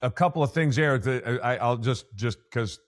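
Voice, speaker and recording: A man's voice: medium pitch, moderate pace. A middle-aged American man hosting a podcast, talking in a rambling way with lots of restarts and asides. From United States. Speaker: podcast host. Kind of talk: conversational interview.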